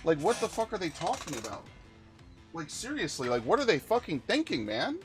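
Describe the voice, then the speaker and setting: A man's voice: on the high side, wildly swooping pitch, a little fast, soft background music. Exasperated, profane gaming streamer man. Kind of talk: ranting commentary during a game stream.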